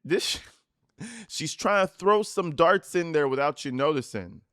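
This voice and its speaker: A man's voice: a little high, lively intonation, measured pace, fairly bright tone, no echo, studio quality. Profane mocking man reacting to clips. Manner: mocking, profane, reads text messages in put-on voices. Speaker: commentary channel host. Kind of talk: reaction commentary over interview clips.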